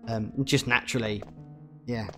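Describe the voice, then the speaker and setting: A man's voice: medium pitch, fairly even intonation, moderate pace, over music. Rambling young southern English man. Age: young adult. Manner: rambling, chatty, swears often. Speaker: game streamer. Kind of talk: casual gameplay chatter.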